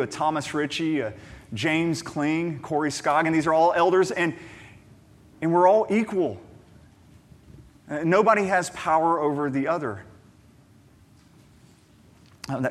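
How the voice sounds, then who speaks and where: A man, a pastor, preaching a sermon in an emphatic, conversational way, often repeating words and asking rhetorical questions. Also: a little high. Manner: conversational storytelling asides.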